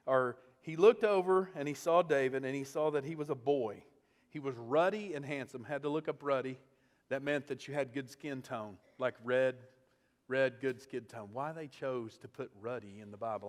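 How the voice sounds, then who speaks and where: Animated male preacher in a reverberant church. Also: on the high side. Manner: animated storytelling, acting out the characters. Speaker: pastor. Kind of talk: sermon. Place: church sanctuary.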